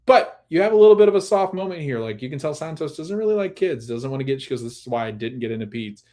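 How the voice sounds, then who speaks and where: A man's voice: fairly high pitch, expressive, quick pace, warm tone. A man hosting a podcast, recapping a TV episode in a casual, rambling way with many restarts. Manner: rambling, full of restarts and "like", laughs at times. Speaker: podcast host.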